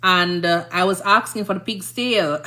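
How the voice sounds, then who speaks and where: Chatty Jamaican woman, bright voice. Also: lowish voice, unhurried. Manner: chatty, rambling, frequent "you understand?". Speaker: nurse streamer. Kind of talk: casual live-stream chat.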